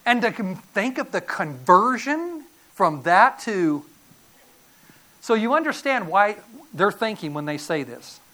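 Middle-aged male preacher; animated, folksy sermon delivery with sharp swings from loud to hushed. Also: sits high, a little slow. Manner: animated, folksy storytelling with sudden loud bursts and quiet drops. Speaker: pastor.

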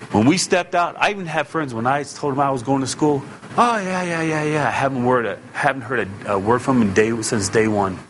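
Male preacher, mid pitch, conversational sermon that swells to urging, faint background hiss. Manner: emphatic and conversational, rising to loud exhortation.

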